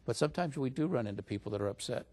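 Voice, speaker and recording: A man's voice: mid-range voice, lively intonation, very fast, a little mellow. A man as an interview guest, telling a story in a casual way and lifting his voice when he quotes other people. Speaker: interview guest recounting stories.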